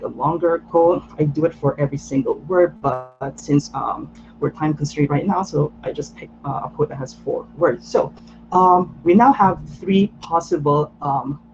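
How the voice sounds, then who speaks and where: Guy teaching lettering on a video call, kinda high voice, slightly muffled audio, lots of "so, um". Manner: patient, explanatory, frequent "so" and "um" fillers. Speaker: lettering workshop instructor. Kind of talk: online workshop teaching.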